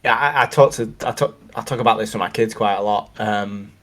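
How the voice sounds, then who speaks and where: A man's voice: on the low side, brisk, a bit bright. A middle-aged man co-hosting a casual chat, talking in rambling, reflective sentences full of restarts. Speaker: co-host.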